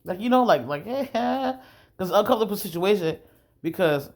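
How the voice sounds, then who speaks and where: A man vlogger telling a rambling, profane story in a casual monologue, often clearing his throat. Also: high-pitched, lively intonation, normal speed.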